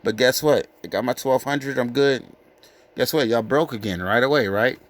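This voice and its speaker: A man giving an informal sermon, reading scripture slowly and with weight, then breaking into blunt, profane street talk. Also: medium pitch. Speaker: scripture teacher.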